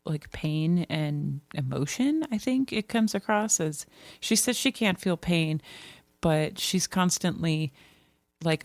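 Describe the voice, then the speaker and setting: Gravelly-voiced book podcast co-host. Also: mid-range voice, a little slow, dry recording. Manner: thoughtful, rambling, many restarts and "like". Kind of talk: casual book discussion.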